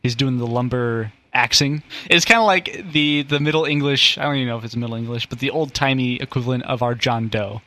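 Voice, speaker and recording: A man's voice: medium pitch, a little fast, few pauses, bright, forceful tone. A man hosting a casual comedy podcast, rambling and joking as he explains word origins. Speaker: podcast host.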